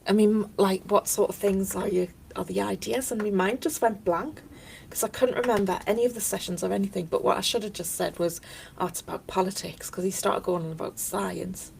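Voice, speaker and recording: A woman's voice: medium pitch, steady tone, fairly quick, vocal fry, darkish tone, slight background noise, low-quality recording. A woman talking casually to camera in a chatty, rambling way, drifting off topic and laughing often. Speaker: vlogger.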